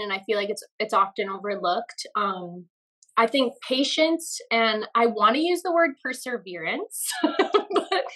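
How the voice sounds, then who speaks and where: Give me a bright, animated woman telling stories as a podcast guest. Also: fairly high pitch, low-quality recording. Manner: animated storyteller, laughs often. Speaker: guest actress. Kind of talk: casual podcast interview.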